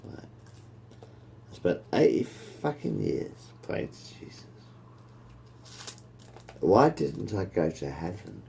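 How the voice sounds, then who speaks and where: An aggrieved dead Christian man complains slowly, dragging out his words, as a man telling a joke puts him on. The voice is low, mellow and gravelly. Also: big pitch swings, slight background noise, full character voice.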